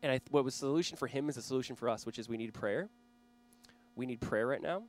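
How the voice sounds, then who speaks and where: A man's voice: medium pitch, fast. A man in his thirties preaching a sermon as pastor, conversational and earnest, with small laughs and restarts.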